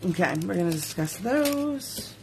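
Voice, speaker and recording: A woman's voice: on the low side, big pitch swings, unhurried, vocal fry, a little mellow, slight background noise. A woman who makes jewelry, hosting a casual live sales stream from her studio. She chats, giggles and reads viewer comments aloud. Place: home studio.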